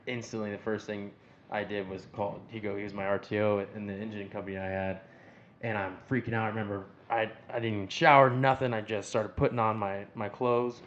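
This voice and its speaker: A man co-hosting a firefighter podcast, telling an animated story in casual chat. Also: fairly low pitch. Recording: slightly dull sound with faint noise.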